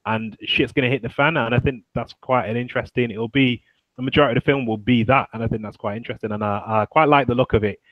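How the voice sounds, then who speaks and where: A man's voice: mid-range voice, fairly even intonation, fast, no echo, narrow, tinny audio. A man co-hosting a podcast, chatting casually and animatedly about film trailers, swearing freely and mimicking lines. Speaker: podcast co-host.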